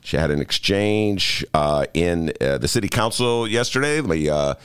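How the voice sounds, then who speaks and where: A man's voice: low voice, animated, normal speed, smooth. A man hosting a radio talk show in a studio, joking and mocking himself. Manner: joking, self-mocking, playful.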